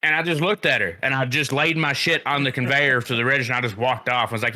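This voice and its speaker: A man's voice: medium pitch, fairly even intonation, fast talker, sharp tone. A man, telling a profane story in a casual podcast chat. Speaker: podcast co-host.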